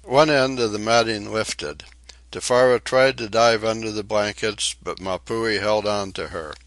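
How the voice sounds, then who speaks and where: A man reading a short story aloud in a measured, even storytelling way. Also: on the low side, no room sound. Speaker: audiobook reader. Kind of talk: audiobook narration.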